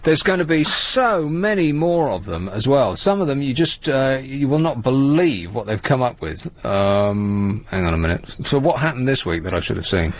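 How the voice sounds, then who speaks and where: A man's voice: medium pitch, moderate pace, few pauses. A man from England hosting a radio show, telling rambling, jokey stories in casual chat. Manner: rambling, jokey, animated storytelling. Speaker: radio host.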